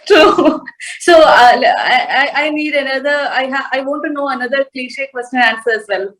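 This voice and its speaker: Bubbly high-pitched woman hosting. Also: lively intonation, normal speed, a bit bright, rough recording. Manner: bubbly, giggly, teasing. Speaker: interview host. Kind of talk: chatty interview hosting.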